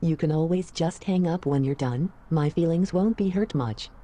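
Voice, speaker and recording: A woman's voice: low voice, normal speed, warm tone. A woman voicing an automated phone hint system in a polite, wry recorded-announcement manner. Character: automated hint hotline machine, cheerful and dry.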